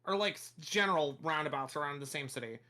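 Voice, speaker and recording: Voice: mid-range voice, fast, pushed and bright. A streamer from the United States in casual livestream chat, rambling, restarting sentences and swearing freely.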